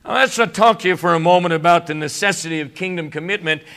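A man preaching a sermon in a church as guest pastor, still in his morning voice. He talks haltingly with many fillers and builds to emphatic points. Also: sits high, a bit bright, smooth. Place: church sanctuary.

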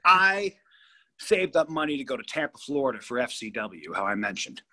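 This Californian man in his thirties is a guest in a casual interview, sharing a personal story. He's animated, blunt and profane, and he repeats himself a lot, speaking at a normal speed in a mid-range voice.

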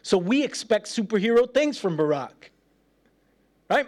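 A man's voice: very high voice, big pitch swings, measured pace, long pauses. A man preaching a sermon, telling a personal story with playful humor and frequent laughter. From United States. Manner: playful, laughs often, acts out voices.

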